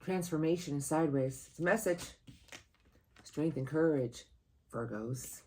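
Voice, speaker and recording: A tarot reader giving a monthly reading to camera, earnest and encouraging, who speaks aloud to spirit guides and breaks into sudden excited, louder bursts. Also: measured pace, slight background noise. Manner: animated, sudden jumps in pitch and loudness, laughs at the cards.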